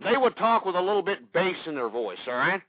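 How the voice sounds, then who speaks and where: A man's voice: sits high, big pitch swings, a little fast, husky, no echo. A man hosting a call-in radio show, ranting combatively at callers and repeating himself. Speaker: radio talk show host. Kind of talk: angry call-in radio commentary. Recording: dry phone-like radio audio.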